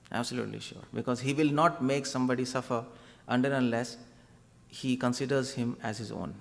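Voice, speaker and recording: Male preacher, mid pitch, chatty lecture style with questions to the crowd, long hall reverb. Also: gravelly. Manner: conversational, asks the audience questions. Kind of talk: devotional lecture. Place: temple hall.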